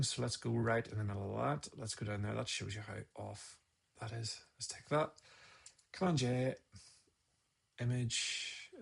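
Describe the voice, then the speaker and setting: With a medium pitch, vocal fry, and a breathy edge, this photographer talks viewers through photo editing on a live stream. He mutters each step, chides himself, and chats along the way.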